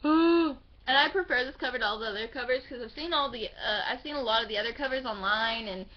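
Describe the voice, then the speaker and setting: A young woman gushes over her new books in a casual home vlog, her voice high and bubbling with excitement. She rambles happily and drops the occasional swear. The recording sounds slightly dull and lo-fi. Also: quick pace, slight background noise. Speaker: book vlogger. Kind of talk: casual book haul chat.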